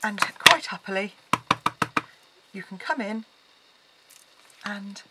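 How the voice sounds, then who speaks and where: A woman talks through a card-making project at her craft table, in an easy, chatty way with plenty of ums. Her voice sits at an ordinary middle pitch for a woman. A loud, steady noise runs under the whole recording. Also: slow. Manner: chatty, explaining while working, frequent ums. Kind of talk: casual craft tutorial.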